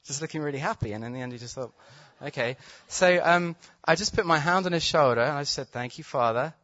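A man preaching, telling a healing story with excited laughter, then praying with urgent declarations over the crowd. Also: on the high side, a little fast, few pauses, no room sound. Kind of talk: testimony storytelling and healing prayer. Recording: dull, slightly muffled sound.

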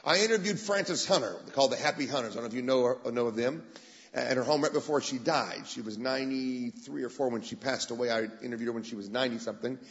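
Animated preacher man in echoing hall. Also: mid-range voice, fast. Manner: animated, acts out quoted voices. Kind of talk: sermon storytelling. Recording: dull sound with long hall reverb.

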